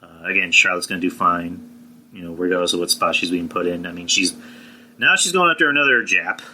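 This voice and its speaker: A man's voice: sits low, brisk, sharp tone, a little hiss or hum, low-quality recording. A young man reviewing a wrestling show on his podcast, rambling and blunt, with frequent restarts, fillers and swearing. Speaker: podcast host.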